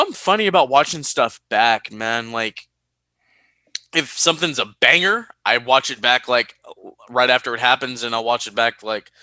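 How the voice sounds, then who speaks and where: Bright-voiced man chatting on a podcast. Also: medium pitch, no echo. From California. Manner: animated, laughs often, reads listener mail. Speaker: podcast co-host. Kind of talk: casual podcast chat.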